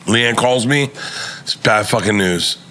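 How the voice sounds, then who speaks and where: Bright-voiced man telling a wild story. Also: fairly low pitch, unhurried. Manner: profane, excitable, rambling with restarts. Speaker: comedian guest. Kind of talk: animated storytelling on a podcast.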